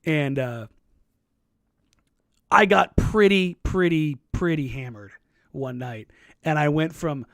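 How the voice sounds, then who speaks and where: A man's voice: on the high side, no echo, studio quality. A man co-hosting a casual sports podcast, telling rambling stories and laughing easily. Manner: rambling storyteller, quick to laugh. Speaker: podcast co-host.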